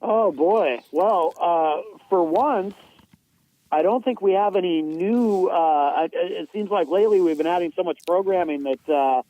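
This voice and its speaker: Brief: male co-host, high and mellow voice, halting delivery. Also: no room sound, low-quality recording. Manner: hesitant, many uhs and restarts. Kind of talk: casual chat. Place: podcast studio.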